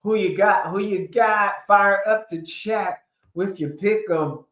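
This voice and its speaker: A playful man hosts a casual sports livestream, laughing and drawing out his words at an unhurried pace. His voice rings in a roomy, echoey space. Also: high voice, fairly bright tone. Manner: playful, laughing, hyping up picks. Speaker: host. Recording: echoey room.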